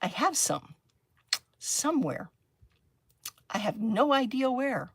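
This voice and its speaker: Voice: mid-range voice, sing-song, takes it slowly, slightly rough, no echo. A middle-aged crafting host chatting casually on a livestream while working. Chatty and giggly, with frequent exclamations.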